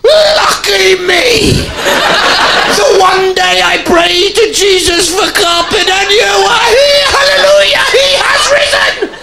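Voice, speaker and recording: A male comedian voicing an ecstatic male religious zealot who shouts overjoyed, preachy proclamations in a shrieking high voice, with loud noise behind. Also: animated, slow pace, creaky, full character voice.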